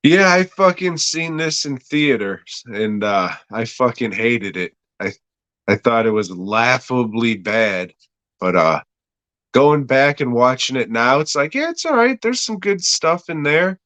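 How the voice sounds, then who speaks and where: Male podcast co-host, sardonic and crude, unhurried delivery, mid pitch, dry close sound. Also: expressive, a bit bright, dry recording. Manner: slow, sardonic, laughs at his own jokes. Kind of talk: casual profane movie review chat.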